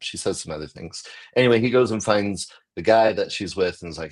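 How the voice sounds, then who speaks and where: American man, lowish voice, chatty storyteller who acts out the people he quotes. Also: fast, few pauses. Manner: animated, acts out quoted voices, laughs often. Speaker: comedian guest. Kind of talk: casual storytelling chat.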